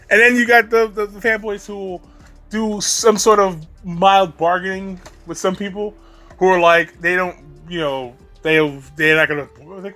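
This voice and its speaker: A high-pitched man tears into his subject in a rambling, exasperated rant, swearing freely and laughing between points. Faint music plays underneath his talk. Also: fairly even intonation, moderate pace, sharp tone. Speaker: video commentator. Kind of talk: ranting commentary.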